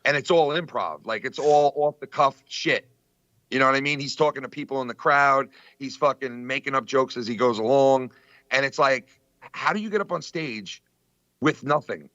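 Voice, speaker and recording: A man chatting casually on a podcast, telling stories in an excitable, profane way with lots of fillers. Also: medium pitch, normal speed, dry recording, dull audio. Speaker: podcast co-host. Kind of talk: casual chat.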